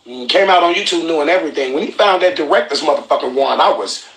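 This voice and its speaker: Brief: male podcast host, excitable storyteller, slightly high gravelly voice, echoey room. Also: fast talker. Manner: excitable, profane, acts out quotes. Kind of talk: animated storytelling commentary. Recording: roomy echoey room, faint noise.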